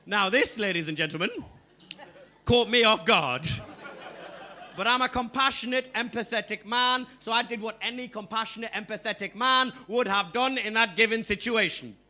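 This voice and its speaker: A man's voice: high-pitched, normal speed, sharp tone. A man from Newcastle doing a stand-up comedy set on a club stage, rowdy and swearing as he teases the crowd. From Newcastle upon Tyne, England.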